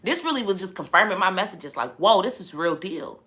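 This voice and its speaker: A woman in a casual vlog, talking emphatically about faith in an animated, preachy way. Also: lowish voice, a little fast. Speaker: vlogger.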